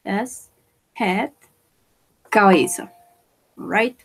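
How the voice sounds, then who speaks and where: A woman teaching English vocabulary, repeating each word slowly for pronunciation and switching into to explain. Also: mid-range voice, vocal fry, breathy edge, poor audio. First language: Spanish. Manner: slow, repeats words for pronunciation. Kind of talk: bilingual vocabulary lesson.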